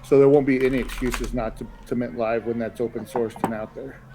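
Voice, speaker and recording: A man hosts a relaxed podcast chat in a mellow, warm-toned voice. He rambles easily and offers friendly advice with plenty of fillers. His pitch sits at an ordinary middle level. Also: fairly quick, slight background noise, rough recording. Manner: easygoing, rambling, gives advice with many fillers. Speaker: podcast host.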